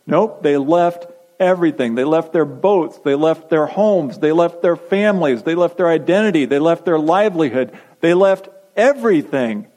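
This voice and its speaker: A man's voice: a little high, expressive, normal speed, few pauses, darkish tone, low-quality recording. A man preaching a sermon, emphatic and repetitive, posing rhetorical questions to his congregation. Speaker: pastor.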